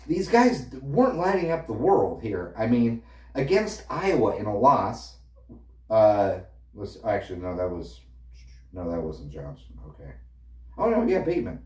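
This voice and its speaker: A man's voice: medium pitch, a little mellow. A man ranting about football in a casual, opinionated and dismissive way, reeling off stats. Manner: opinionated, dismissive, stat-heavy. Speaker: sports fan ranting. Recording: echoey room, a little far from the mic.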